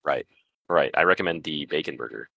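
Very deep, fast-talking podcast co-host man. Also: vocal fry, bright, forceful tone, breathy edge, dry recording. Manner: quick, upbeat, repeats words. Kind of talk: casual chat.

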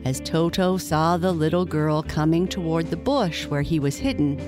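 A woman reading a bedtime story aloud, gentle and measured. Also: low voice, music in the background.

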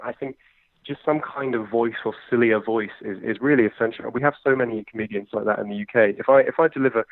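A man's voice: medium pitch, dry recording. A man in his twenties with a London accent, an impressionist and comedian talking in a chatty interview, full of fillers. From England. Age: 20s. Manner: quick, chatty, lots of fillers. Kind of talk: conversational interview. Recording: tinny phone line, dry.

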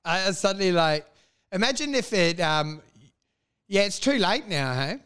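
A man's voice: high-pitched, expressive, measured pace, a bit bright, clear, resonant tone. A man co-hosting a comedy podcast with wry, rambling banter. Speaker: podcast co-host.

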